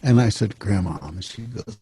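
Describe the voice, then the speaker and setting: A man's voice: medium pitch, moderate pace, dark tone, a little hiss or hum. A man in his seventies, a show host telling a rambling personal story, repeating and restarting phrases as he goes. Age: 70s.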